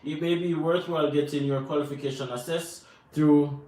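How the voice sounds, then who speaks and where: A man's voice: on the high side, steady tone, normal speed, dark tone. Earnest Jamaican man in a roomy room. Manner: earnest, advice-giving, repeats himself for emphasis. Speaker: co-host answering viewer questions. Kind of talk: live Q&A chat. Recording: roomy and distant from the mic, faint noise.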